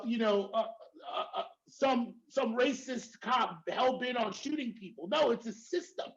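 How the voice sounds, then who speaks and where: A man's voice: very high voice, creaky. A man speaking as a professor on a panel, talking emphatically and checking in with "right?" again and again. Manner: emphatic, repeats "right?" often. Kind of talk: panel discussion. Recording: dull lo-fi audio.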